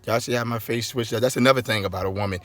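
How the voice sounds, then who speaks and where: A middle-aged man, a pastor and author, chatting casually to his viewers on a phone inside a car, repeating his points and getting animated when riled. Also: mid-range voice, racing. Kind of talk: casual vlog talk to viewers.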